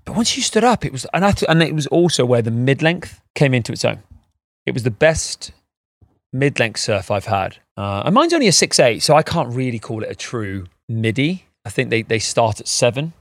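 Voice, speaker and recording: A man hosting a podcast in casual chat, rambling and animated and laughing often, recorded outdoors in a garden. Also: medium pitch, normal speed, no echo. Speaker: podcast host.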